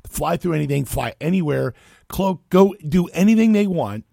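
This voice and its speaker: Gravelly, animated talk radio host. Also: male voice, fairly high pitch, no echo, studio quality. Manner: rambling, self-deprecating, quick asides. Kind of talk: casual radio banter.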